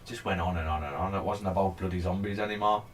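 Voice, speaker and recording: A man's voice: low voice, fairly even intonation, fast, a little hiss or hum. A man giving casual, rambling commentary on a live trading stream. He chats freely, swears now and then, and urges the price on as he goes. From England.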